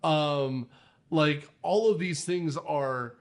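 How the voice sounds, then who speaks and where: Animated casual male podcast host. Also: on the high side, drawn-out words. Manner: animated, swearing, jokey asides. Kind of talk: casual movie discussion.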